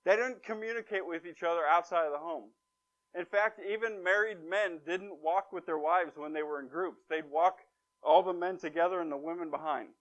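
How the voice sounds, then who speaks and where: A man's voice: sits high, a bit bright. A man preaching a conversational sermon, retelling a story with wry, emphatic asides. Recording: dull lo-fi recording.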